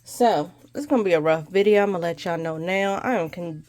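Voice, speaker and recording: A woman's voice: on the low side, a little fast, a little mellow. A woman vlogger with a congested, stuffy voice, chatting casually and rambling as she goes over her budget. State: congested from allergies. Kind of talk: casual chat to camera.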